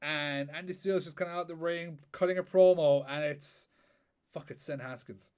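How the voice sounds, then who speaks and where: A man hosting a podcast, asking questions in a relaxed, conversational way. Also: fairly high pitch, moderate pace, clear, resonant tone. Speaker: podcast host. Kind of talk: casual interview questions.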